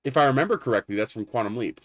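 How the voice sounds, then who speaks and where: A man hosting a loose, unscripted livestream, wandering from thought to thought in an easy, rambling way. His voice sits at an ordinary middle pitch, and he often breaks into laughter at his own jokes. The sound is dry and close, with no room echo around it. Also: expressive, very fast, fairly bright tone. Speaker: livestream host. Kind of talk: casual livestream chat.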